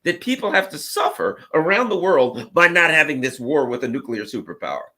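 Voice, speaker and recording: A man with a high, bright, lively voice talks politics as a remote guest. He is sarcastic and animated, his pitch leaping around as he mocks what others say. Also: a little fast. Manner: animated, sarcastic, mocking impressions. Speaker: guest commentator. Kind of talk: casual political talk.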